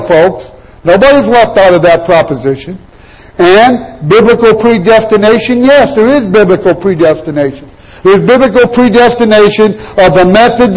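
Emphatic high-voiced man preaching. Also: poor audio. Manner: emphatic, addresses "ladies and gentlemen", asks and answers questions. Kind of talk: sermon with chart.

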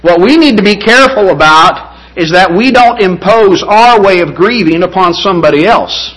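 High, bright-voiced preacher man. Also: animated, moderate pace, poor audio. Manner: earnest, rising to fervent emphasis. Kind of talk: sermon.

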